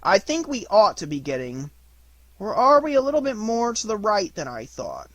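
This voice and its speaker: A man's voice: high voice, huge pitch swings, normal speed, no echo, pitched above the performer's own voice. A man doing a bossy, fussy rabbit. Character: bossy, self-important male rabbit.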